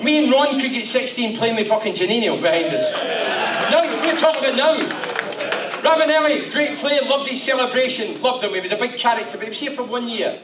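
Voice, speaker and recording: A man in his fifties, a guest speaker telling animated after-dinner stories, swearing freely. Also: very high voice, brisk, heavy background noise. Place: function room with audience. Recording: echoey hall, far mic, crowd.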